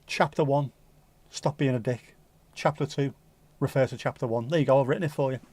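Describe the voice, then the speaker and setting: Man, mild Scouse accent, livestream host, cheeky joking banter, rambling, mid pitch, dry close sound. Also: fairly quick, darkish tone, husky, dry recording. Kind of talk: casual livestream chat.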